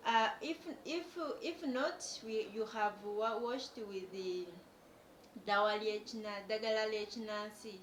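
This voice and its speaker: A young woman, earnestly telling a personal story to her viewers in halting phrases. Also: medium pitch. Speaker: vlogger. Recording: echoey room with background noise.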